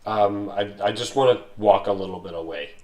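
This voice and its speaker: Male player, hesitant, lots of fillers, lowish voice, far from mic. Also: brisk, a little mellow. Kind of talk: playing a tabletop game. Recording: echoey room, voice far from mic.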